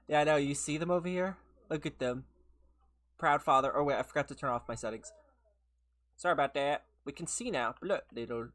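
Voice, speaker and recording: A young adult game streamer chatting casually with viewers while playing, a little hoarse after being sick, laughing often and greeting people by name. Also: mid-range voice, lively intonation, normal speed, pauses often. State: slightly hoarse from a recent illness. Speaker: gaming livestreamer.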